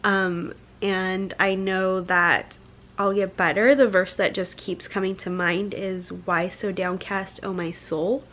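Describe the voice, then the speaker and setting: A young woman, a stay-at-home mom, talking candidly to the camera at home in a soft, halting and emotional way, with many pauses and fillers. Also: mid-range voice, level tone. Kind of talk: candid vlog chat. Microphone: camera mic.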